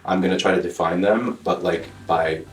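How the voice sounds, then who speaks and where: A man in his thirties with a light New York accent, a makeup artist explaining his work in a relaxed, casual way, full of fillers. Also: sits low, moderate pace, roomy sound, far from the mic, faint music behind. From the Bronx, New York. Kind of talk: casual chat while working.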